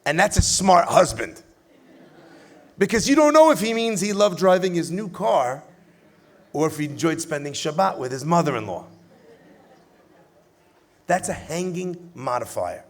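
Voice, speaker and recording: Rabbi on stage preaching to a crowd, fairly high gravelly voice, animated, gets loud then drops soft, jokey. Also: male voice, moderate pace. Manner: playful storyteller with jokes. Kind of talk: sermon-style address to a conference audience. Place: lit stage before an audience.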